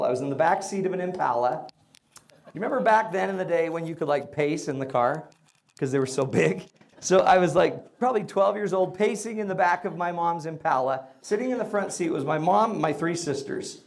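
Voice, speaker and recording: A middle-aged man giving a humorous storytelling talk about parenting to an audience, comic and animated, breaking into shouted bursts. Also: fairly high pitch.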